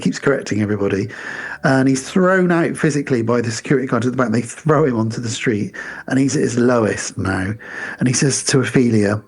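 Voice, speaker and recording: Man, podcast co-host, husky voice, casual film chat, retells scenes with quick quoted lines. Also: medium pitch.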